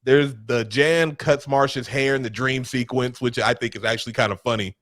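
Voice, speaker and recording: A man's voice: medium pitch, moderate pace, no echo, clean studio sound. A man hosting a casual movie recap chat, acting out the characters' lines. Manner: animated, acts out characters' lines in put-on voices. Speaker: podcast host.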